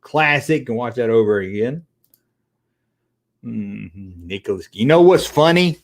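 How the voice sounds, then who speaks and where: At a measured pace and mid-range pitch, a middle-aged man chats with viewers on his casual livestream. He's animated and foul-mouthed, drifting off on one tangent after another.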